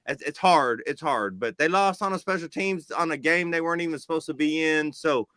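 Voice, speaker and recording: A man co-hosts a sports talk show and argues his case with a string of animated rhetorical questions. His voice is bright and forceful, sitting a little high. The sound is dry and close to the mic. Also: a little fast, no room sound. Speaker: podcast co-host. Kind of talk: casual sports chat.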